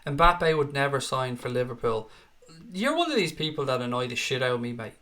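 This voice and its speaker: This is a casual live-chat stream hosted by a young Irish guy who reads viewers' comments out and swears freely in his blunt replies. He's very animated, fairly quick, with a mid-range, slightly bright voice.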